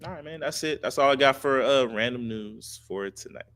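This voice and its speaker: A man's voice: mid-range voice, a little fast, fairly bright tone. A man co-hosting a podcast, chatting casually about sports in a blunt, profane way and repeating himself for emphasis. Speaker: podcast co-host.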